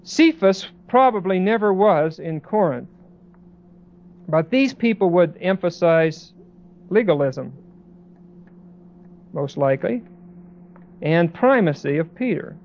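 A man preaching a Bible sermon in a conversational way, with many pauses and restarts, as a pastor. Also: high-pitched, expressive, dull audio.

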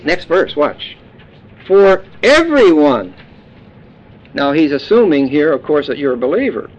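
A man preaching a sermon, explaining words in a folksy, joking teaching manner. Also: on the high side. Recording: dull lo-fi sound.

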